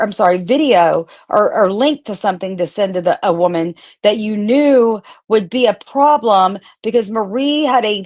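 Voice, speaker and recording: A woman's voice: mid-range voice, a little mellow. A woman hosting a casual livestream, talking bluntly and swearing freely as she addresses her viewers directly. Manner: blunt, profane, talks straight to viewers. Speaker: streamer host.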